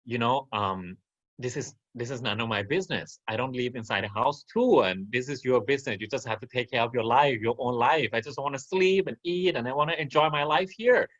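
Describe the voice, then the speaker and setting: A man's voice: medium pitch, a little fast, fairly bright tone, muffled recording, natural voice. A man voicing a lazy, selfish pig who offhandedly refuses to help, in a storybook telling. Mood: indifferent. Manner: offhand, indifferent. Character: lazy selfish pig who just wants to eat and sleep.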